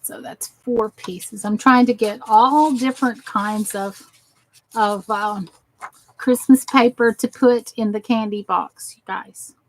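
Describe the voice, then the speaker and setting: A woman's voice: on the high side, steady tone, takes it slowly, a little hiss or hum, rough recording. An exhausted woman chatting casually as she works on crafts for her channel, rambling and talking to herself as she goes. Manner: rambling, talks to herself while working.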